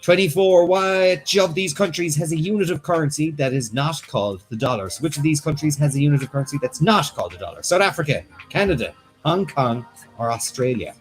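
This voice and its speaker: Brief: Irish male quiz host, playful banter, bit higher pitch. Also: animated, brisk, faint music behind. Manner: joking, reads questions aloud, banters. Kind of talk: casual live-stream quiz hosting.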